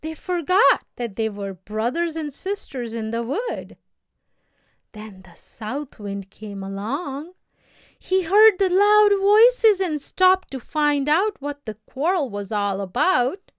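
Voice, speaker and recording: A woman reading a folk tale aloud as storybook narration, slow and expressive. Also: high voice, no room sound, studio quality. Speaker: reader.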